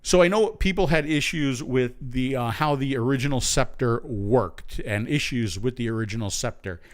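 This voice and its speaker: A man's voice: medium pitch, moderate pace. A man from the United States hosting a live stream in casual, rambling chat, full of fillers and restarts and prone to ranting. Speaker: show host.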